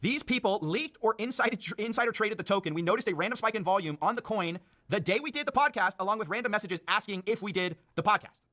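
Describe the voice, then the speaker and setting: An online commentator recapping internet drama in a played video, sarcastic and quick. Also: mid-range voice, lively intonation, sharp tone.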